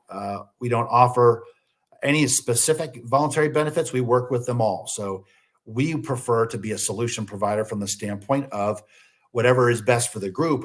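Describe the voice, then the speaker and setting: A man giving a business webinar presentation, posing questions and then answering them himself, with frequent "uh" fillers. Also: on the low side. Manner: slows down deliberately for listing items.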